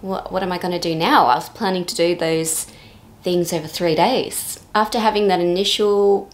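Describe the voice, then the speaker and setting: A woman in her thirties with a slightly low voice narrates a casual vlog. She talks in a chatty, easygoing way and tosses in playful little jokes as she goes. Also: fairly even intonation, normal speed. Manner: chatty, with playful joking asides. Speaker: vlogger.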